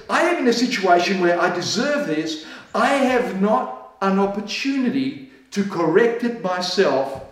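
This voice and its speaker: High-voiced pastor preaching in an echoey hall. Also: male voice, recorded from a distance. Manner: preaching with dramatic pauses, slowing right down on key lines; acts out the voices of people in scripture. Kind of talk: sermon. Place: church.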